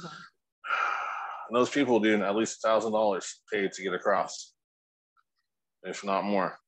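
A man's voice: on the low side, slow, fairly bright tone, dry recording, low-quality recording. A man co-hosting a casual podcast, laid-back and rambling, swearing freely. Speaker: podcast co-host.

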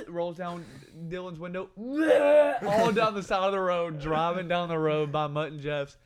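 A man's voice: on the high side, fairly even intonation, a little fast, a loud crowd. Laughing young man telling hunting stories. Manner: rambling, laughing often, Southern slang. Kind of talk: casual storytelling among friends.

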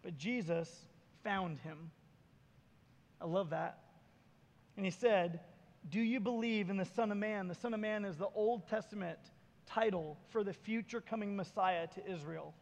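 Pastor guy with a really high voice, acting out bible stories, big echoey hall. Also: measured pace. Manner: animated storytelling, acting out Bible scenes. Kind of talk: sermon.

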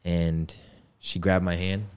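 A man's voice: low-pitched, little pitch movement, slow pace, a little mellow, clean tone. A man in his twenties telling a personal story in casual, slangy talk. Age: 20s. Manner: laid-back slangy talk. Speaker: podcast guest.

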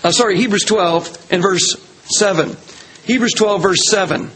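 A man's voice: high voice, moderate pace, fairly bright tone, breathy edge, poor audio. A man preaching a sermon to a congregation, earnest and emphatic, stacking repeated phrases to build his points. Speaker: pastor. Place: church hall with a congregation.

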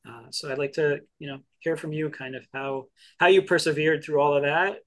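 A man hosting a podcast, asking long, meandering questions in a halting way. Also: fairly high pitch, steady tone, a bit bright. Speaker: podcast host. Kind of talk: casual interview chat.

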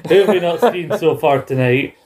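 A man co-hosting a casual chat show, telling stories in an animated way, acting out lines and laughing often. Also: a little high, moderate pace. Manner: animated storyteller who acts out quotes and laughs often. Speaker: podcast co-host. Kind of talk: casual chat recapping wrestling.

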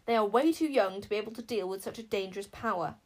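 A woman's voice: mid-range voice, fast talker, natural voice. A woman voicing a grim, stern old wizard. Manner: grave, warning. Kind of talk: audiobook character voice.

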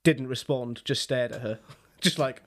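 A man's voice: mid-range voice, unhurried. A man from Wales with a Welsh accent, a native Welsh speaker, telling stories in casual podcast chat and laughing often.

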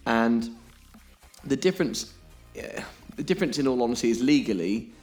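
A man's voice: mid-range voice, animated, normal speed, a little mellow, soft background music. A man explaining things on a podcast in an emphatic way, often checking in with "okay?". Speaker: podcast co-host.

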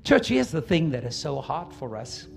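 A man preaching a sermon to his church, swinging from quiet asides to loud emphatic peaks. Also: fairly high pitch, big pitch swings, normal speed, vocal fry. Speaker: pastor.

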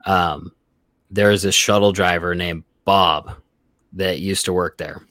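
A man telling workplace stories in a casual, profane, animated way. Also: sits low, unhurried, no room sound. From Reno area, Nevada. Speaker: podcast guest. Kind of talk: casual storytelling.

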